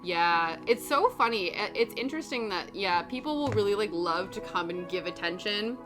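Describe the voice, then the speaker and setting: With music playing underneath, a young woman does some cross stitch on stream, chatting loosely, telling rambling stories and responding to chat. Her medium-pitched voice is expressive and moderately paced.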